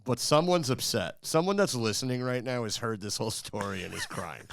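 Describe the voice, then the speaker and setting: A man's voice: mid-range voice, sing-song, a little fast, gravelly, fairly bright tone. A man making wry, joking comments in a casual podcast chat.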